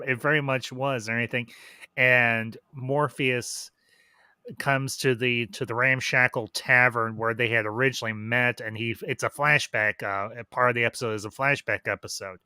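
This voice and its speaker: A man's voice: mid-range voice, pushed and bright, clean tone, no room sound. A man hosting a casual review chat, rambling and restarting as he recalls details. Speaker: host.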